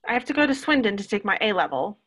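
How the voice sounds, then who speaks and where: A woman's voice: mid-range voice, rapid-fire. A woman reading the part of a literal, anxious teenage boy in a live script reading. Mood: insistent. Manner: flat, literal, insistent. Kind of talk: live script reading over video call.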